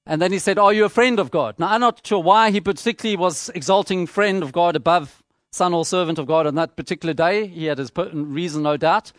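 A man preaching a sermon, measured and emphatic, repeating phrases for rhetorical effect. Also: on the high side, dry recording, studio quality.

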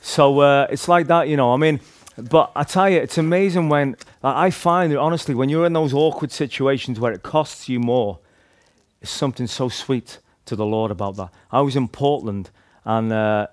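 A man tells his evangelism stories in a loose, casual way. His voice sits at an ordinary middle pitch. He rambles, restarts his sentences, and leans on fillers as he goes. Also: normal speed, no echo. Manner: rambling, heavy use of "like" and "you know", restarts. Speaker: street evangelist. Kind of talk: casual storytelling testimony.

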